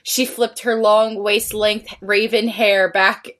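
A woman reads aloud in a mid-pitched, ordinary voice, trying to keep a straight face. She trips over words and dissolves into giggles now and then. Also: flat delivery, slow pace, fairly bright tone. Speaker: podcast co-host. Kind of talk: comedic reading aloud.

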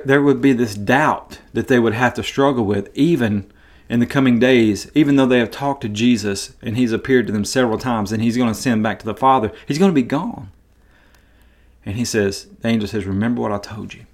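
Man with a drawl teaching Bible. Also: medium pitch. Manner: conversational, repeats words, animated retelling. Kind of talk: casual Bible teaching podcast.

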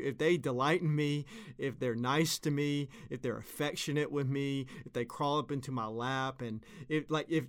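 A man's voice: mid-range voice, a bit bright. A man in his thirties, a pastor, giving an earnest, conversational devotional sermon and repeating phrases for emphasis.

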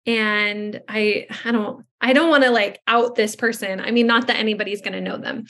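A woman from Southern California hosts a podcast, chatting in a conversational interview and telling a rambling story about her work as a speech therapist, being a speech-language pathologist. Her medium-pitched voice is a bit bright, with fairly even intonation and normal speed.

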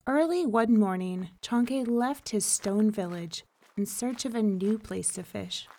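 Woman narrator, storybook reading, unhurried pace, middle pitch, calm delivery.

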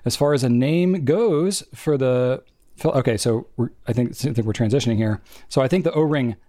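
A young man co-hosting a podcast in casual chat, talking in chatty, rambling runs with quick asides. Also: mid-range voice, dark tone, dry recording, clean studio sound. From family from New England. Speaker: podcast co-host.

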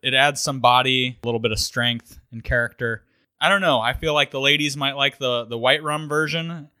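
Bright-voiced man chatting casually. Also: mid-range voice, normal speed, dry recording, studio quality. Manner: relaxed, chuckling, thinks aloud. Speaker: podcast co-host. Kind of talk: casual chat about cocktails.

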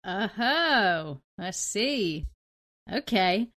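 A woman's voice: mid-range voice, expressive, drawn-out words, a bit bright. A young woman at a tabletop game talks through her character's actions. She rambles, laughs at herself, and keeps adding apologetic asides. Her voice is mid-range. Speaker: player. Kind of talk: tabletop role-play, casual chat.

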